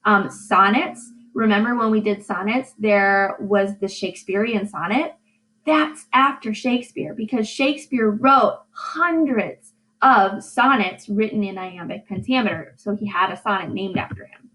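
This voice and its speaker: Woman, high school English teacher, recorded lesson, chatty, frequent check-ins, medium pitch. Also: a little slow, a bit bright, low-quality recording. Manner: sounds out stress patterns aloud.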